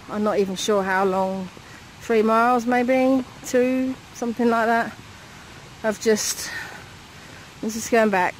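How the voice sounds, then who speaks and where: A woman talking through a hiking vlog into a handheld phone camera on a mountain trail. She is chatty and excitable and swears freely. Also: mid-range voice, a little hiss or hum, low-quality recording. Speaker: vlogger.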